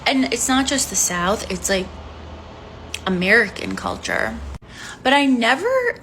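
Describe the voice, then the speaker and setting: A woman's voice: fairly high pitch, sing-song, measured pace, a bit bright, a little hiss or hum. A woman in her forties speaking frankly in a candid vlog monologue, telling a personal story in a blunt, unfiltered way. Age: 40s.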